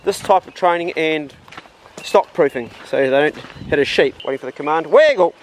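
Male dog trainer, fairly high voice, relaxed and talkative outdoors, faint background noise, breaks into high calls to the dog. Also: moderate pace, poor audio. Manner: chatty, explaining as he goes. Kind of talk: casual outdoor training demo. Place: outdoors on rural land.

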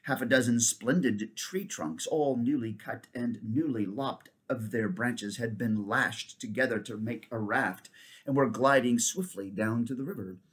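A man reading a children's novel aloud, steady but with frequent restarts and slips. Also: medium pitch, a little slow, slightly rough. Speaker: reader.

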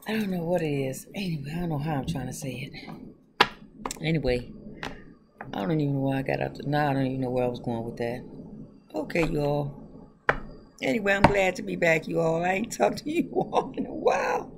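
A woman's voice: low-pitched, a little fast, creaky, long pauses, very noisy. A woman reading tarot on her own channel, chatting loosely and talking straight to her viewers with frequent laughs. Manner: laughs often. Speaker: tarot reader. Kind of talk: casual tarot reading vlog.

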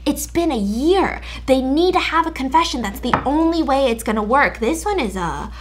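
Young woman rattling off a storytime while baking, kinda high voice. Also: moderate pace, noisy background. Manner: chatty, animated retelling with mock-censored swears. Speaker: YouTube storyteller.

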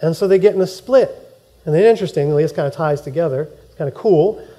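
High, mellow-voiced man preaching. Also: fast. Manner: animated storytelling, acting out quoted lines, laughing. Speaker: pastor. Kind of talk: sermon. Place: church.

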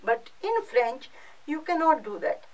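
A woman's voice: sits high, sing-song, a little slow, distant mic, low-quality recording. A female French teacher with an Indian English accent, giving a recorded class lesson and explaining patiently with lots of repetition.

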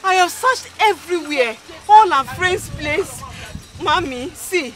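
A woman's voice: extremely high pitch, expressive, takes it slowly, a bit bright, heavily acted. An actress with a Nigerian accent playing a desperate mother pleading and crying over her missing child in a gospel film. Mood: anguished. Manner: pleading, anguished, tearful.

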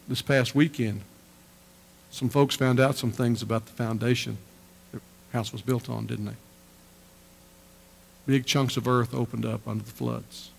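Pastor, male, gravelly voice, emphatic sermon delivery in a reverberant church hall. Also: medium pitch. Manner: emphatic preaching with repeated phrases.

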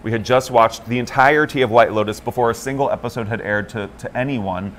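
Speaking fairly quickly at medium pitch, with slight background noise, a male morning talk show co-host tells stories in casual conversation. He brings them to life by performing quoted lines in different voices.

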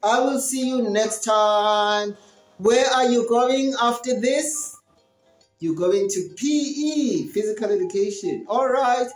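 Teacher slowly acting out classroom dialogues. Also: medium pitch, soft background music. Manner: slow, repetitive explaining, acting out questions and answers; encouraging. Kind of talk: classroom lesson for young learners. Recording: roomy echo.

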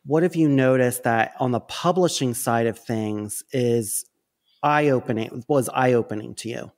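A man hosting a writing podcast, putting a measured, thoughtful question to his guest. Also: mid-range voice, darkish tone. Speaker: podcast host. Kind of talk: interview question.

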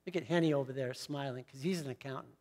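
A middle-aged pastor preaching a sermon, telling the story in a chatty way with asides to the congregation. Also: male voice, medium pitch, quick pace, darkish tone.

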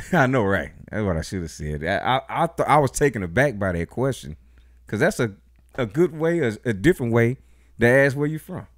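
A man co-hosting a podcast, telling stories in a lively conversational way and laughing often. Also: medium pitch, normal speed, no echo, studio quality. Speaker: podcast co-host. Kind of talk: casual chat.

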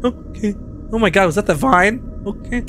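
A young man in his twenties, commentating a game playthrough, loud, excitable and swearing a lot. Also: high-pitched, moderate pace, music in the background. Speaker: gaming streamer. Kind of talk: let's play commentary.

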